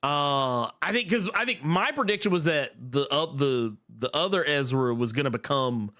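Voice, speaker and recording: A man's voice: medium pitch, animated, moderate pace, pushed and bright. A middle-aged man co-hosting a podcast in casual chat, laughing often and trailing off with fillers. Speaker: podcast co-host.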